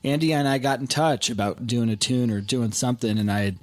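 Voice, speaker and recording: A man's voice: mid-range voice, fairly quick, no echo. A man talking as a composer and bandleader guest, enthusiastic and joking, with lots of "you know" and "man.". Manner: enthusiastic, jokey, many fillers. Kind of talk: casual interview.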